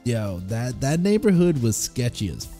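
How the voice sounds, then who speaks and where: A man of middle pitch jumps into a casual podcast chat with blunt, joking remarks. His voice swings up and down a lot. Soft music sits in the background. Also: sing-song, normal speed. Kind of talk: casual banter.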